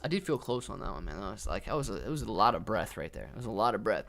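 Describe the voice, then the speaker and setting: A young man hosting a live trading stream, excitedly thanking viewers by name between bursts of market commentary, a little out of breath. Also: fairly low pitch, racing, vocal fry.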